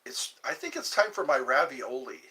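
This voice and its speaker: A man's voice: medium pitch, huge pitch swings, normal speed, bright, forceful tone. A man hosting a livestream, chatting casually and jokingly in a rambling way. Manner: jokey, laughs often, breaks into song snippets. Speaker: livestream host.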